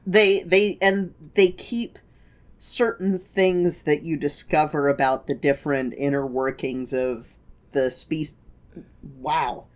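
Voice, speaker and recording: A woman co-hosting a podcast in casual chat, eager and quick to laugh, with the hiccups. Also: sits low, fairly even intonation. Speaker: podcast co-host.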